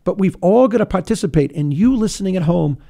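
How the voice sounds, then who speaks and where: Gravelly, earnest talk radio host. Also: male voice, sits high, expressive, quick pace, warm tone. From Rhode Island. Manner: earnest, restless, repeats words when pushing a point. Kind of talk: political talk radio monologue.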